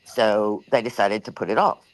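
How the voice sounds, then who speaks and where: A woman's voice: very deep voice, normal speed, poor audio. An older woman hosts a livestream, telling a rambling, chatty story with lots of fillers, a little out of breath. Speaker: livestream host. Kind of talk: casual storytelling to a live chat.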